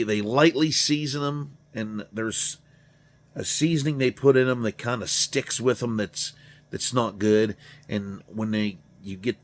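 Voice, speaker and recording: A tired middle-aged man talking in a casual, rambling monologue, swearing freely and joking at his own expense. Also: fairly low pitch. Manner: profane, rambling, self-deprecating. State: tired, yawning. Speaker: garage channel host.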